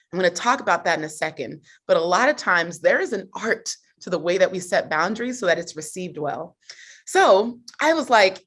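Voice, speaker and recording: A woman hosting a live personal growth coaching session at a mid pitch. Her delivery is upbeat and conversational, dotted with frequent laughter. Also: animated, normal speed. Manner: upbeat, chatty, laughs often.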